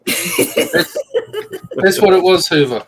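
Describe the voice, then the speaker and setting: A man's voice: sits high, lively intonation, crowd noise. A man with a New Zealand accent talking bluntly and casually as a guest on a video call. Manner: blunt, swearing, drawn-out asides. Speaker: live chat guest. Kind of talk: casual group chat. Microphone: webcam on video call.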